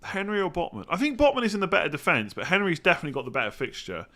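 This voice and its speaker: A man's voice: high-pitched, big pitch swings, rapid-fire, bright, forceful tone. An English man hosting a live stream, answering viewer questions and thinking aloud in a rambling, casual way. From England. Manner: rambling, thinks aloud, hums while reading. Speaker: fantasy football streamer.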